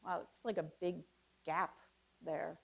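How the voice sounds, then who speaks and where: A woman in her fifties performing a reflective personal essay with wry storytelling and pauses. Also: on the low side, little pitch movement, creaky. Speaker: author giving a reading.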